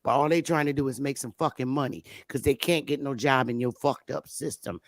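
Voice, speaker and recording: A woman's voice: rumbling low, fairly quick, no echo. A woman hosting a talk show, ranting in a fiery, profane way during a casual chat. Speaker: host.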